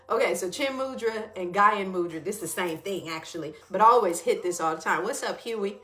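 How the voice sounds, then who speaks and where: A woman's voice: medium pitch, moderate pace. A woman hosting a casual wellness livestream, talking loosely to her viewers and greeting them by name as she goes. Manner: warm, chatty, greets viewers by name mid-talk.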